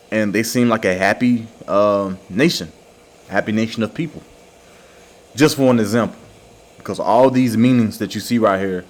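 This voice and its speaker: A man giving an informal religious lesson, slowly repeating words and checking in with "all right" and "okay" after each point. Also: on the low side. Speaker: religious teacher.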